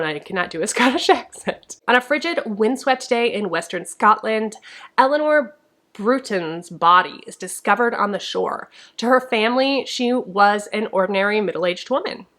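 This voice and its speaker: A woman at an ordinary, mid-range pitch talks through upcoming book releases. She reads each blurb with dramatic flair, then drops into quick, chatty asides of her own. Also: fairly bright tone. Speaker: book reviewer. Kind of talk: casual book talk reading blurbs aloud.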